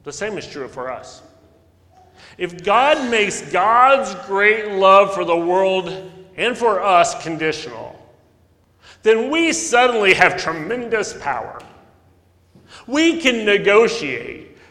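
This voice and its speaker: A male pastor preaching a sermon, telling stories earnestly, with sudden loud emphasis and soft drops. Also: high-pitched, very animated, slow pace, long pauses. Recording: long echo of a large hall.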